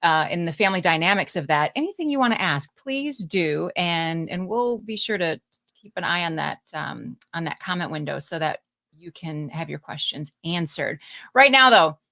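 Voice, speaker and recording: A woman's voice: fairly low pitch, lively intonation, normal speed, gravelly, bright, forceful tone. A woman hosting a live-streamed interview podcast, talking in an effusive, encouraging way and gushing with praise. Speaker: podcast host.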